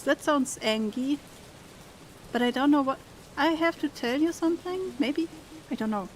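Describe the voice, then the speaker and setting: A woman's voice: sits high, moderate pace, pauses often, slight background noise. A young woman who streams games, reading the characters' dialogue aloud with feeling and chatting casually with her viewers. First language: German. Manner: reads dialogue expressively, then chats casually.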